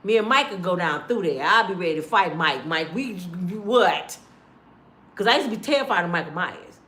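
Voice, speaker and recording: A woman in her fifties ranting casually to her viewers, blunt and profane, telling animated stories, recorded in an echoey room. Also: fairly low pitch, normal speed. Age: 50s. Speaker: online commentator.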